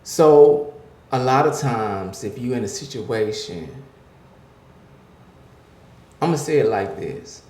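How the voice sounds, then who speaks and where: A man in his fifties giving motivational life advice to men. He starts slow and halting, then builds to forceful, preacherly emphasis. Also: mid-range voice, expressive. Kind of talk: motivational talk. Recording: roomy echo.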